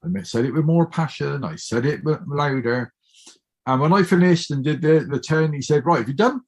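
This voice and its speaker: A man's voice: a little high, normal speed. A middle-aged man telling a personal story as a chat-show guest, acting out the voices of the people he quotes. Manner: lively storyteller who acts out quoted speech. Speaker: guest speaker.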